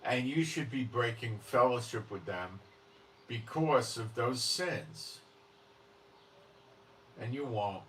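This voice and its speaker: A man delivers an unscripted religious monologue in a blunt, insistent manner, often pausing to ask if you follow. He sits back from the mic, with a faint hiss of noise underneath. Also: medium pitch, animated, a bit bright, recorded from a distance, poor audio. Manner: blunt and emphatic, often checks in with "okay?". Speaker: religious commentary host.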